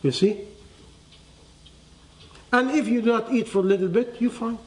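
A man giving a sermon to listeners, quizzing them with rhetorical questions and dropping to a hush on key phrases. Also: very high-pitched, normal speed. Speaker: religious teacher. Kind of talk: sermon to a live audience.

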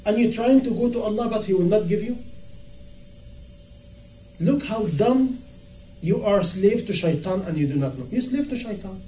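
Male preacher, high voice, mellow tone, impassioned rhetorical questions, distant mic in echoey room. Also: animated, quick pace, hardly any pauses. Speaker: Islamic preacher. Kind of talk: sermon. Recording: echoey room, from far off, faint noise.

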